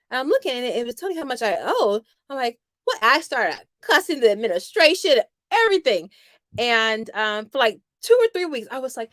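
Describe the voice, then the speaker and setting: Woman, middle-aged, homeschool host, casual chat, animated storyteller, high-ish voice, dry sound. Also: dry recording. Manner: chatty, animated storytelling with playful quoted voices. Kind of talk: casual livestream chat with viewers.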